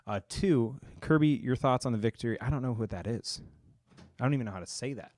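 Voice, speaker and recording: A man's voice: mid-range voice, fast talker, darkish tone. A man co-hosting a casual podcast, joking around and reading news quotes aloud in a mock newsreader voice. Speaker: podcast co-host.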